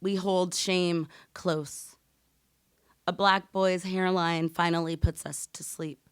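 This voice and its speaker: A woman poet reading her poems aloud in a measured, deliberate way. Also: fairly low pitch, little pitch movement, clean tone, dry recording, clean studio sound. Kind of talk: live poetry reading.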